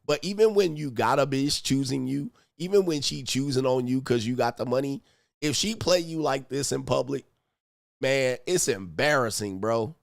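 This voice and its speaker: A man hosting a casual reaction commentary, animated and profane, with laughing asides. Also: mid-range voice, normal speed, gravelly, dry recording, studio quality. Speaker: commentary channel host.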